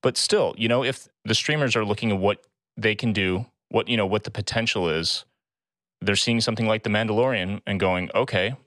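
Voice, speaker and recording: A man's voice: lowish voice, a little fast, a bit bright, no room sound. A man hosting a podcast, laid-back and friendly in casual chat. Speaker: podcast host. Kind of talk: casual chat and read sponsor spot.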